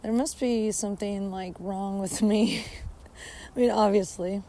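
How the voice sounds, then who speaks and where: A woman's voice: mid-range voice, fairly even intonation, unhurried, warm tone. A woman venting in a casual vlog, recorded on her phone outdoors at a park, bitter and sarcastic with lots of swearing. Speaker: vlogger. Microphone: phone held by speaker.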